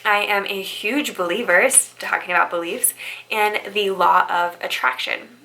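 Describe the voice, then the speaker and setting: A woman's voice: mid-range voice, steady tone, normal speed, gravelly, bright, forceful tone, rough recording. A young woman who works as a bridal stylist, giving upbeat, chatty motivational advice and often checking in with "right?". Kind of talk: motivational vlog talk.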